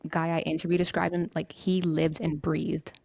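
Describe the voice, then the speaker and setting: A woman's voice: on the low side, little pitch movement, normal speed, vocal fry, darkish tone, breathy edge, no room sound. A young woman hosting a podcast, telling a true-crime story in a loose, conversational way and swearing casually. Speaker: podcast host.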